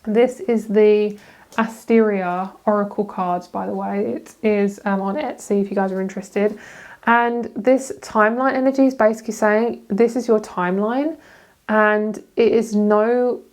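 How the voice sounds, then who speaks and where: A woman's voice: medium pitch, steady tone, measured pace, darkish tone. Young woman doing a pick-a-card tarot reading, chatty, swears a lot, laughs at herself. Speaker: tarot reader.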